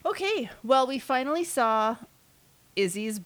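A woman's voice: high voice, unhurried, no echo. Woman cohost recapping a tv episode, voice jumps all over, keeps laughing. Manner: animated, laughs often, acts out quotes. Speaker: podcast co-host. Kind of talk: casual chat recapping a TV episode.

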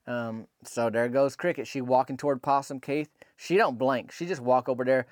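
A man's voice: medium pitch, normal speed, hardly any pauses, dry recording, clean studio sound. A man telling a folksy comic story in a rambling, colloquial way, full of asides. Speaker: podcast storyteller.

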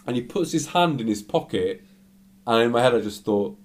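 A man casually telling a story, animated and full of fillers. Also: medium pitch, a little fast.

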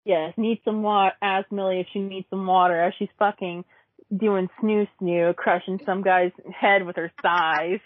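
A woman's voice: medium pitch, fairly even intonation, measured pace, dry recording. Woman chatting over a tinny line. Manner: chatty, rambling with many fillers like "like". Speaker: podcast co-host. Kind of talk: casual chat reviewing a cartoon episode.

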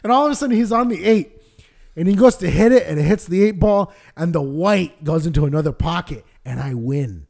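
A young man co-hosting a podcast, telling a story with excitement, laughing and swearing, and acting out the people in it. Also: a little high, fairly quick, creaky. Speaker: podcast co-host. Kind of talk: animated storytelling chat.

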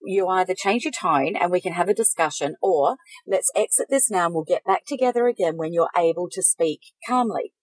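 A middle-aged woman, giving calm, measured coaching advice in a casual podcast chat. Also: on the low side, dry recording, rough recording. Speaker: podcast co-host, life coach.

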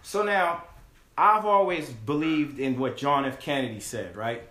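A man's voice: mid-range voice, measured pace. A man telling a story in a casual chat, acting out the voices of the people in it and swearing freely. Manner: animated, acts out voices in quotes, swears freely. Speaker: podcast guest telling a story. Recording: echoey room.

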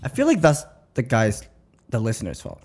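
A man co-hosting a podcast in casual chat, joking and mostly agreeing in quick back-and-forth. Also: medium pitch, wildly swooping pitch, darkish tone, breathy edge. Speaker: podcast co-host.

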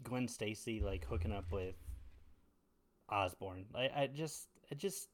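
A man's voice: fairly low pitch, a little slow. A man co-hosting a casual podcast, mostly agreeing in short replies and giving opinions with hesitant restarts. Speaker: podcast co-host. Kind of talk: casual chat.

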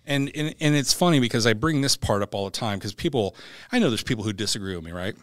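Blunt and animated, a man who served as a Navy SEAL relays war and court experiences in a podcast conversation, performing the other voices in quotes. He talks fast in a mid-range voice. The recording is studio quality with no room sound.

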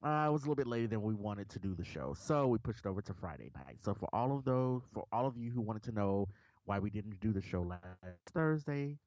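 Animated male podcaster, lo-fi sound. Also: lowish voice, fairly quick, no echo. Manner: animated storyteller, swears freely. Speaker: podcast co-host. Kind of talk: casual chat. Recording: dull lo-fi dry recording.

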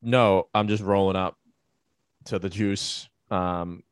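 Young male co-host, low voice, dry close mic, loose profane storyteller. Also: fairly even intonation, slow, clear, resonant tone, no echo. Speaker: podcast co-host. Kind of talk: casual chat.

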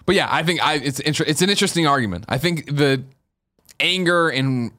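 A man co-hosting a podcast in casual chat, animated and swearing freely. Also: fairly high pitch, a little fast, no room sound, studio quality. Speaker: podcast co-host.

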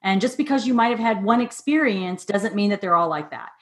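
Host: woman, mid-pitched, affirming, long open questions. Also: animated, a little fast. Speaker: interview host. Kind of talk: casual interview.

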